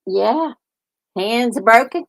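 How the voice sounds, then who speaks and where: A woman's voice: a little high, expressive, drawn-out words, rough recording. Chatty storytelling woman, older. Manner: chatty storytelling, laughs often, acts out family members' lines. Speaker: host. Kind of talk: casual chat.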